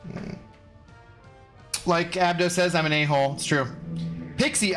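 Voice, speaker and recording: A man's voice: fairly high pitch, a bit bright. A man casually chatting with his live-stream viewers while gaming, rambling and answering chat messages. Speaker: game streamer.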